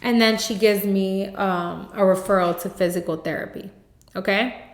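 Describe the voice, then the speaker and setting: A woman's voice: mid-range voice, steady tone, normal speed. A woman hosting a podcast, telling a personal story in a candid, emotional way and often speaking straight to her listeners. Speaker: podcast host. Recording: roomy echo.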